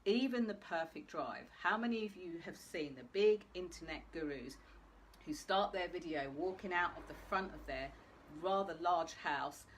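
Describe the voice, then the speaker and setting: A woman's voice: on the low side, moderate pace, slight background noise. A woman hosting a live video talk, speaking straight to her viewers in a chatty way. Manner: chatty, addresses viewers directly. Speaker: host.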